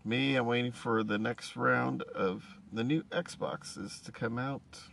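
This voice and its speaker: A tired man muses in a slow, deadpan ramble, his voice roughened by a gravelly fry. He wanders from thought to thought in a casual vlog from a vehicle, with a faint hum of the ride underneath. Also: medium pitch. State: tired, yawning. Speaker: vlogger.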